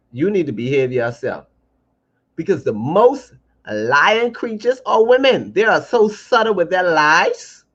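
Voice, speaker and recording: A man co-hosting a podcast in casual, playful banter, animated and mock-indignant. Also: fairly high pitch. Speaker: podcast co-host. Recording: dull lo-fi podcast audio.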